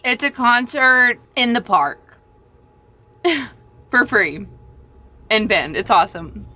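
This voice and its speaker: A woman's voice: on the high side, expressive, takes it slowly, bright, forceful tone. A woman vlogger chatting casually to camera in a rambling, joking way while camping out of her truck.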